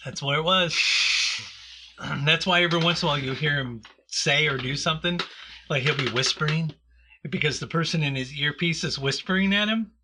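A man's voice: a little high, a little fast, bright, forceful tone, a little hiss or hum. A man sharing gossip in a casual, matter-of-fact conversation. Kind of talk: casual chat.

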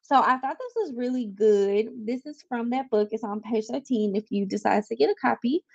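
A woman's voice: a little high, moderate pace, vocal fry, husky, highs cut off. A woman hosting a personal podcast, talking candidly and confidingly with listeners and reading short passages aloud from a book. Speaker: podcast host. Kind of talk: casual personal podcast talk.

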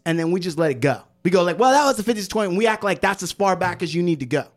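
A man hosting a podcast, cracking quick jokes and then making a point in earnest. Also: high voice. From United States. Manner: jokey interjections, then earnest explaining. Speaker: podcast host. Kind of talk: casual podcast talk.

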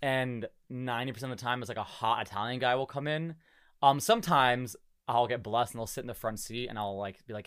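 A man's voice: mid-range voice, fairly quick, clean tone, no echo, studio quality. A young man in his twenties hosting a podcast, chatting casually and acting out quotes as he tells stories. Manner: animated storytelling, laughing, acting out quotes. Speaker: podcast host. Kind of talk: casual chat.

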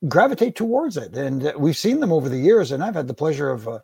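Brief: man, slightly higher voice, gravelly and husky, dry close sound, animated storyteller on a podcast. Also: quick pace, no echo. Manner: storytelling, animated anecdotes with acted quotes. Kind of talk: casual podcast chat.

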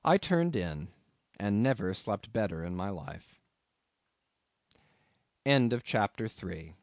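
A man reading a classic novel aloud as an audiobook narrator, in an expressive, dramatic way. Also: on the low side, slow, no echo, clean studio sound.

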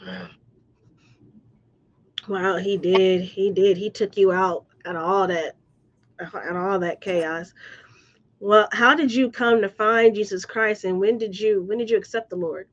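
A woman hosting an interview, reacting with short affirmations and asking unhurried questions. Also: medium pitch, fairly even intonation. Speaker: interviewer, host. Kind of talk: casual interview. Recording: dull lo-fi sound.

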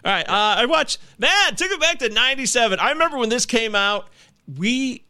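A man's voice: extremely high pitch, lively intonation, bright, forceful tone, clear, resonant tone, dry recording, studio quality. A man hosting a casual live movie podcast, rambling and chatty, stopping himself mid-sentence. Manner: rambling, self-interrupting, quick laughs. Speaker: podcast host.

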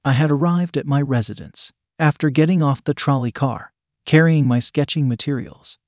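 A man reading a first-person story aloud in a measured, even storytelling manner. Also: fairly high pitch, dry recording, clean studio sound. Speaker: audiobook reader.

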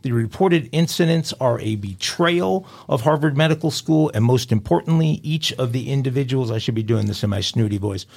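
A man co-hosting a crime news podcast, reading headlines and quotes aloud and adding wry, deadpan remarks. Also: medium pitch, a little fast, vocal fry, hardly any pauses, breathy edge. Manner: wry, deadpan commentary between quoted passages. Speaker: podcast co-host.

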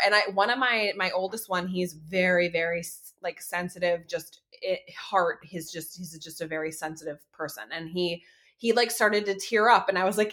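A woman's voice: lowish voice, steady tone, fairly quick, a bit bright. A woman in her thirties hosting a casual parenting podcast, chatty with many fillers and restarts. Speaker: podcast host.

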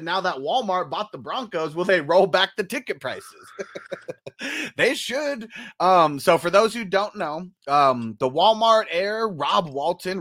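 A man's voice: high voice, a bit bright. A man hosting a casual sports talk show, loose and profane, laughing often between points. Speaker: podcast host.

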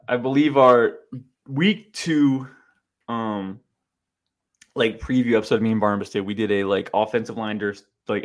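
A young man co-hosting a podcast, telling a self-deprecating story in a rambling, animated way with lots of filler words. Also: lowish voice. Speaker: podcast co-host. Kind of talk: casual storytelling chat.

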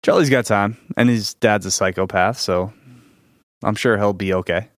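Co-host: a low-voiced, laid-back man, matter-of-fact and dry, recorded close and dead. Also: normal speed, no room sound. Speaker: podcast co-host, golf tipster. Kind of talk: casual golf betting chat.

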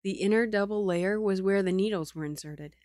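A woman reading a novel aloud in a calm, even manner. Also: medium pitch, a little fast, dry recording, studio quality. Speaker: audiobook reader.

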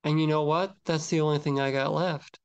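A man's voice: fairly high pitch, steady tone, fairly quick, clear, resonant tone. An older man co-hosting a podcast, talking in a reflective, searching and hesitant way about faith. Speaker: podcast co-host. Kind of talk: casual faith talk.

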